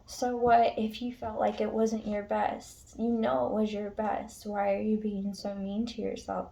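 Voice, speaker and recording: A woman with a low, gravelly, mellow voice talks straight to her viewers as a tarot reader. Her delivery is casual and heartfelt, blunt and earnest, with the odd swear word. Her pitch stays flat and even. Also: measured pace, few pauses. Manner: frank, emotional, swears casually. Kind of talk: casual spiritual pep talk to viewers.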